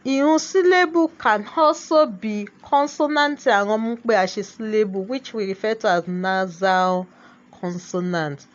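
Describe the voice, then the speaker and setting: A woman's voice: mid-range voice, measured pace. A woman teaching a Yoruba language lesson, moving between Yoruba and English and often asking rhetorical questions. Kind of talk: classroom lesson. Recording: dull lo-fi sound.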